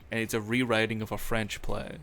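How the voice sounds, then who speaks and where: A man's voice: on the low side, flat delivery, a little fast, a bit bright, a little hiss or hum. Rambling young man streaming. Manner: rambling, self-deprecating, filler-heavy. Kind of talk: casual live-stream chat. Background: faint music.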